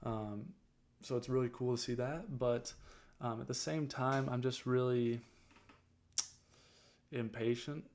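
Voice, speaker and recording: A man's voice: mid-range voice, slow pace, pauses often, a little mellow. A young man talks casually in a vlog. He rambles through many fillers and restarts, explaining things to viewers like a coach. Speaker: detailing business owner.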